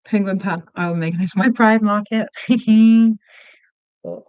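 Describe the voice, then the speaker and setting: A woman hosting a casual livestream while she crochets. She chats, gets sidetracked, and counts her stitches out loud. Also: mid-range voice, measured pace, smooth, no echo, muffled recording. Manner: chatty and easily sidetracked, counts stitches aloud. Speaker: livestream host.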